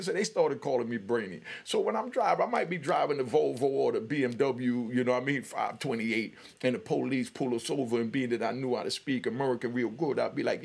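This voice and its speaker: Gravelly-voiced man telling a story. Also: medium pitch, animated, brisk. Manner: frequent "you know what I mean", laughing asides. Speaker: podcast host. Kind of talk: storytelling monologue.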